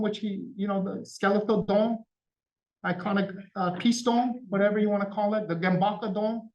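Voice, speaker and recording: Speaking at an event hall, a middle-aged man shares a family story in a conversational manner, voicing the lines he and his father said. His voice is high with a darkish tone, picked up by a distant mic that leaves it dull and somewhat off mic.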